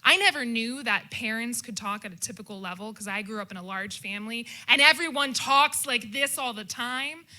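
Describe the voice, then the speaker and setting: A young adult woman telling a comic personal story about a family holiday, animated and shouting out her relatives' quoted lines. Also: on the high side, normal speed, hardly any pauses.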